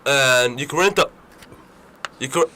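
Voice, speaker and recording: A young man co-hosting a radio talk show, joking fast and stumbling over his words. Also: mid-range voice, sharp tone, a little hiss or hum. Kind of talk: casual banter.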